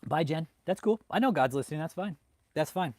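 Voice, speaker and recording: A man hosting a livestream who rants heatedly, swears often and bursts out loudly as he talks to his chat. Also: on the high side, animated, brisk. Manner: heated and swearing, with loud outbursts. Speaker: livestream host reading chat. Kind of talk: profane ranting live commentary.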